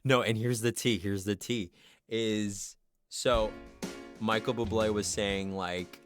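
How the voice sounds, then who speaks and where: A man hosting a livestream, telling a story in casual chat, animated and acting out the people he quotes. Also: on the low side, slow, over music. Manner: animated, acts out quoted voices. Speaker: livestream host.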